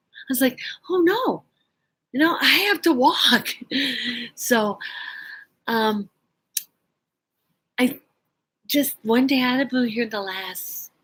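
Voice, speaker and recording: A woman's voice: mid-range voice, fairly bright tone, husky, low-quality recording. A woman vlogger casually telling a personal story, rambling with lots of fillers and restarts. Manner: laughs often while telling a story.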